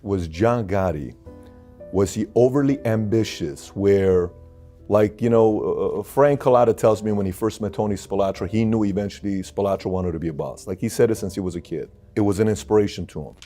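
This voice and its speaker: Low-voiced man asking questions. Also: warm tone, soft background music. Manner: halting, rephrases questions. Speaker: interview host. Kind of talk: interview questions.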